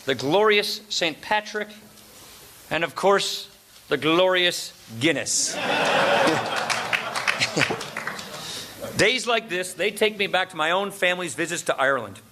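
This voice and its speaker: A man from Wisconsin delivers a lunchtime speech from a lectern, his voice bright and forceful and sitting a touch high. He mixes formal address with jokes and chuckles at his own punchlines. A faint hum of the hall sits behind him. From Wisconsin, USA. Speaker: speaker at a political luncheon.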